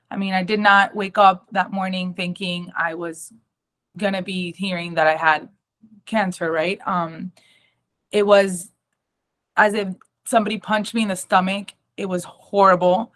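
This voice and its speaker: A young woman speaks at a talk, telling a personal story in a mid-pitched voice. She is emotional and halting, and she often stops on "um" and starts her sentences again. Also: steady tone, fairly bright tone. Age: young adult. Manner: emotional, halting, with frequent ums and restarts. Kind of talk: personal testimony.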